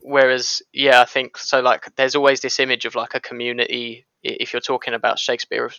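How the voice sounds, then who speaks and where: A man with an English accent in a casual podcast discussion, hesitant and wry, with many pauses and fillers. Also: mid-range voice, completely flat delivery, gravelly, bright, forceful tone, clear, resonant tone, no room sound, lo-fi sound. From England.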